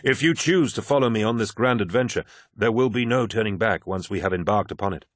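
A man's voice: on the low side, a little fast, no room sound, studio quality, close to an everyday voice. A man voicing a charismatic male warlord who speaks to his followers in a grand, persuasive, theatrical way, read as an audiobook character.

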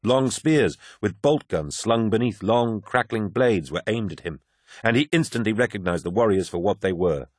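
A man reading an audiobook with measured, dramatic scripted narration. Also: fairly low pitch, no echo, studio quality.

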